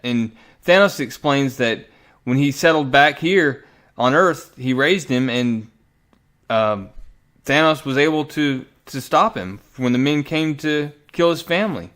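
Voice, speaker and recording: A man giving a casual, animated recap of a comic book story as a reviewer, often restarting his sentences. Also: mid-range voice, measured pace.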